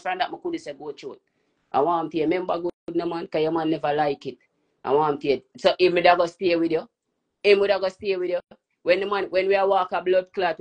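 A man with a Jamaican accent, cursing and emphatic as he rants on a phone live stream. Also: high voice. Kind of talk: heated live-stream rant.

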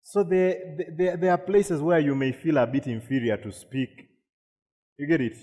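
A man's voice: a little high, moderate pace, a little mellow. A man preaching a sermon, repeating words and asking the congregation questions. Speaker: pastor. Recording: long reverb of a hall.

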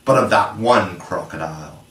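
A man's voice: deep voice, normal speed. A man reading aloud, voicing a menacing, brooding pirate captain who talks darkly and passionately. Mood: dread. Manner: dark, passionate, threatening. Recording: echoey room, from far off.

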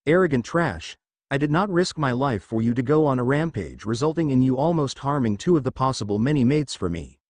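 A man's voice: mid-range voice, animated, fairly quick, darkish tone, no room sound, natural voice. A man voicing an arrogant, overpowered young female ninja warrior, contemptuous and cold. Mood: scornful.

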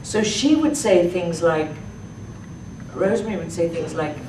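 Woman, low-ish voice, halting talk, distant mic, echoey room. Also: lively intonation, background noise. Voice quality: halting, with many fillers and restarts. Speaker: actress answering audience questions. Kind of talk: thoughtful public talk. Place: public library talk room.

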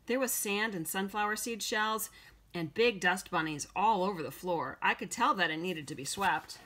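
A woman's voice: medium pitch, moderate pace, bright, forceful tone. A woman narrating a children's novel in the first person as an audiobook reading. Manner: clear, storytelling read-aloud. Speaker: audiobook reader.

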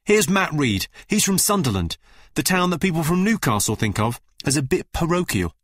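A man presenting a comedy radio show in a dry, deadpan scripted delivery from a studio microphone. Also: on the high side, normal speed, no room sound.

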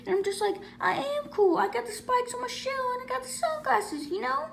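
A woman's voice: very high voice, animated, fairly quick, gravelly, a bit bright, pitched above the performer's own voice, exaggerated voice. A woman voicing a sad, boastful young male turtle creature who talks in a whiny, self-pitying way in a toy skit. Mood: sulky.

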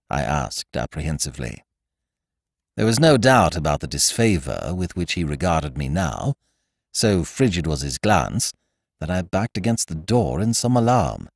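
A man and podcast host reading a classic comic story aloud in first person, with wry, expressive storytelling. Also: a bass voice, normal speed, gravelly, no echo, clean studio sound. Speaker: audiobook narrator and podcast host. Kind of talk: scripted storybook narration.

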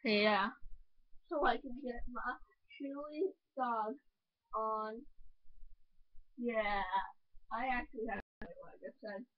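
A woman's voice: fairly high pitch, takes it slowly, pauses often, no room sound, dull audio. A woman voicing a cocky young male hedgehog hero in a fan dub, boastful and rambling. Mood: carefree.

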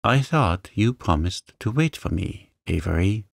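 A man's voice: lowish voice, animated, a little slow, gravelly, no echo, clean studio sound. Man voicing an earnest, reproachful young suitor. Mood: tender. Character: young man returned from abroad, earnest and tender.

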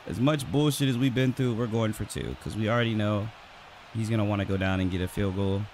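A man's voice: lowish voice, fairly quick, a little hiss or hum. Hyped, foul-mouthed gamer guy. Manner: excitable, profane trash talk, shouts when hyped. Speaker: gaming channel host. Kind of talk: live gameplay commentary.

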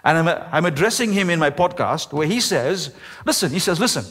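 A man, the pastor, preaching a sermon with emphasis, slowing down and stretching key words. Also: fairly high pitch, expressive, a bit bright. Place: church sanctuary. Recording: echoey church hall.

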